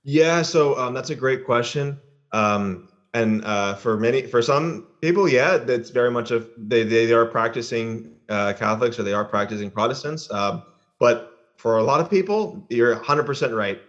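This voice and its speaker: A man's voice: medium pitch, moderate pace. A man with an American accent, a guest on a podcast, talking casually and hesitantly, with lots of fillers and restarts. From American South. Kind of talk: casual chat. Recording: dull lo-fi sound.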